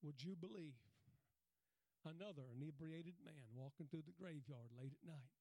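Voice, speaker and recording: Folksy high-voiced male preacher. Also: normal speed, gravelly, dark tone, dry recording. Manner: folksy, punctuates with "Amen" and "Praise God", chuckles often. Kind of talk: sermon.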